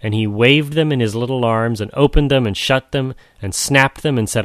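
A man reading a storybook aloud in a measured way, tenderly addressing the listener. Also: medium pitch, a bit bright, no room sound, studio quality. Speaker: narrator.

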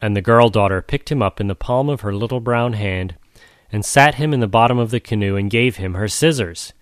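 A man reading a storybook aloud in a measured way, tenderly addressing the listener. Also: lowish voice, dry recording, studio quality. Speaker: narrator.

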